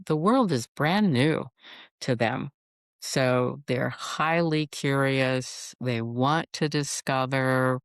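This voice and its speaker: Slow, gravelly-voiced woman psychologist. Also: extremely low pitch, no echo, clean studio sound. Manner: calm, measured explaining. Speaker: psychologist guest. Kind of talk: podcast interview.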